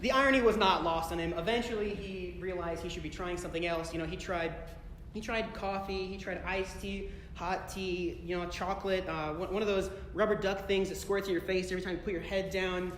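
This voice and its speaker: Male stand-up comic with a bright voice, rambling self-correcting delivery, live in a reverberant hall. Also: high voice, steady tone, brisk, a little hiss or hum. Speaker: stand-up comedian. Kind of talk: stand-up comedy set. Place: concert hall, live audience. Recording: echoey concert hall recording, long reverb.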